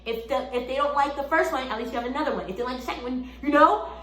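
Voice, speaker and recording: A young woman telling a storytime testimony in an animated way, repeating phrases and rising into exclamations. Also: sits high, quick pace. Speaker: vlogger. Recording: echoey room, faint background hum.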